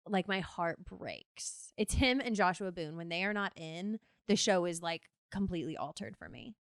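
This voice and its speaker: A woman's voice: on the low side, moderate pace, smooth, no room sound. A young woman hosting a podcast, chatting casually and giggly with lots of filler words. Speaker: podcast host. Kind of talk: casual chat.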